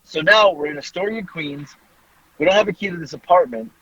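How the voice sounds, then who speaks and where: A man, a podcast host telling a story in a casual, animated way, laughing and swearing freely. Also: high voice, brisk, husky, no echo, lo-fi sound.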